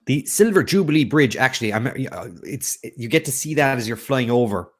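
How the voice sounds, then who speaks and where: A man's voice: medium pitch, lively intonation, fairly quick. Chatty man hosting a quiz. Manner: chatty, rambling, jokey. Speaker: quiz host. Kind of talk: casual livestream chat.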